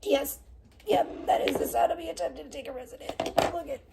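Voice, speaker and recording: A woman's voice: high-pitched, fairly quick, creaky, heavy background noise. A woman live-streaming outdoors from her phone while tanning, chatting casually with rambling, crude jokes and muttering to herself.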